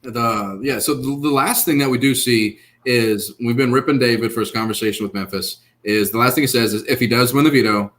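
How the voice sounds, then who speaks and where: A man co-hosting a casual online recap show, talking over a video call and acting out lines with lively energy. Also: mid-range voice, a little fast, few pauses. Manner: animated, acts out quotes, laughs. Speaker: podcast co-host.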